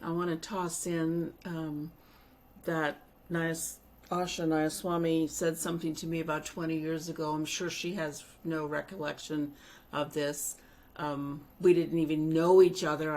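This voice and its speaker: A woman with a New Orleans accent, a congregant earnestly telling a personal story and clearing her throat now and then. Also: sits low, little pitch movement, unhurried, darkish tone. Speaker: congregant sharing a memory. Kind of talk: personal anecdote.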